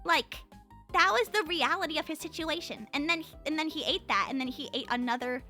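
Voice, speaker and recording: A woman's voice: sits high, a little fast, pushed and bright, faint music behind. A young woman streamer chatting casually to her viewers, rambling with lots of fillers and restarts. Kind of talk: casual livestream chat.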